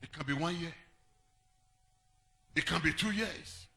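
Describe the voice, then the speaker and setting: High, bright-voiced preaching pastor. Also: male voice, unhurried, creaky. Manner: preaching with sung phrases and shouts, then drops to low storytelling. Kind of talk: sermon.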